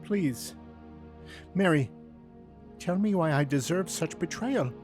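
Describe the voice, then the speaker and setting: A man's voice: fairly high pitch, lively intonation, slow pace, a little mellow, faint music behind, pitched above the performer's own voice. A man voicing a heartbroken, principled young male carpenter in a dramatized Bible story, with a pleading, trembling delivery. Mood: anguished.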